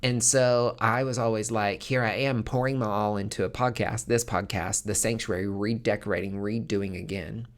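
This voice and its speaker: A man's voice: fairly low pitch, fairly even intonation, normal speed, few pauses. A man hosting a podcast, talking in a frank, casual monologue and swearing freely. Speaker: podcast host.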